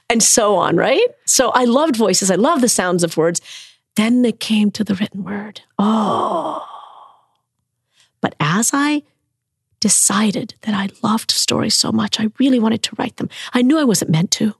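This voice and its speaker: Southern-raised woman storyteller, husky and gravelly, dry close sound, expressive with whispered asides. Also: a little high, a little slow, dry recording. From American South. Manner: expressive, acts out quoted voices, drops to whispers. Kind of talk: personal storytelling in conversation.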